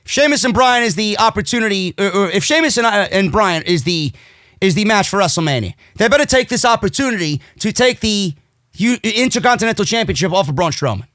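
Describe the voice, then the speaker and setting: A man with a strikingly high, bright voice rants through wrestling commentary, profane and sarcastic, his tone leaping up and down with heat. He sounds close to the mic in a dry, dead room. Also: animated, brisk, no echo. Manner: profane, sarcastic and heated, swinging loud. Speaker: wrestling podcast host. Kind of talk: ranting commentary.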